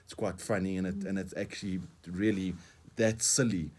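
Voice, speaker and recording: A man's voice: low voice, fairly even intonation, moderate pace, a little mellow. A middle-aged man with a South African accent, speaking earnestly as a coaching guest on a radio talk show, often repeating words as he explains. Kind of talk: radio interview.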